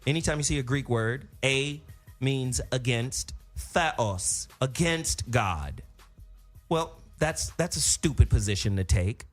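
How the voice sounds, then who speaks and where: A man hosting a talk show, riffing on tangents in a profane, animated way. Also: medium pitch, takes it slowly, soft background music. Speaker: podcast host. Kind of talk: casual chat.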